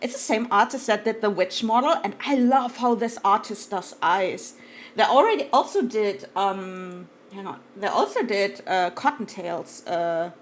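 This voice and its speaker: A woman streaming live, chatting casually and gushing excitedly, swearing freely and trailing off into fillers. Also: mid-range voice, slight background noise.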